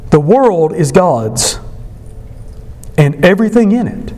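A man's voice: high-pitched, big pitch swings, slow, warm tone, big-room sound. A man preaching a sermon as pastor, emphatic, repeating key phrases and leading the congregation in call-and-response.

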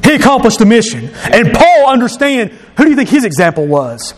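High, animated preacher man in a reverberant church. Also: fairly quick. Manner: emphatic preaching that swells into shouts. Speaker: pastor. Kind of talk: sermon. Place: church sanctuary. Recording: long reverb of a church hall.

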